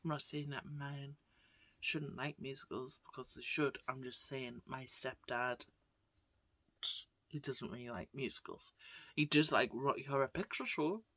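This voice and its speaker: A woman's voice: a bass voice, unhurried, a bit bright, dry recording. A woman vlogger chatting casually to camera, gushing and often tagging her sentences with "right?". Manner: gushing, keeps asking "right?".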